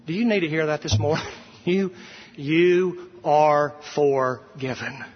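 A man's voice: a little high, unhurried. A male pastor preaching an expository sermon in a church sanctuary, earnest and emphatic, repeating phrases for emphasis. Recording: dull recording with long hall reverb.

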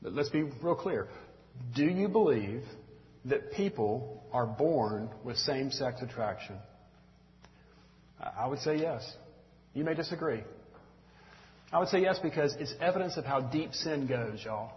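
A middle-aged Southern man from Mississippi gives a folksy, earnest talk to a church group, addressing them as y'all. His voice has a medium pitch for a man. It is captured on a dull, muffled recording with the long reverb of a large hall. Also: animated, measured pace, long pauses. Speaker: church teacher. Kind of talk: conversational sermon. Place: church room with audience.

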